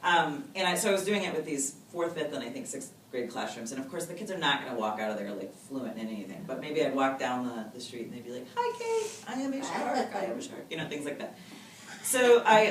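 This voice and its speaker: Fast-talking woman researcher, chatty and quick. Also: rumbling low. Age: 30s. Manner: chatty, fast, full of fillers and quoted dialogue. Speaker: researcher guest. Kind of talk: casual conversational interview. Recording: roomy audio, mic a bit distant, faint noise.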